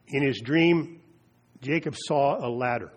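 Guy preaching a sermon, kinda husky voice, slows way down to hit the big points. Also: medium pitch. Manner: slow, emphatic preaching with dramatic pauses. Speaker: pastor.

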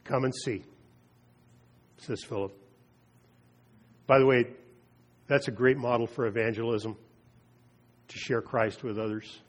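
A man delivers a sermon in a husky, mid-pitched voice. He preaches with slow, emphatic phrasing and lets key words hang in deliberate pauses. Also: fairly even intonation. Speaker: pastor.

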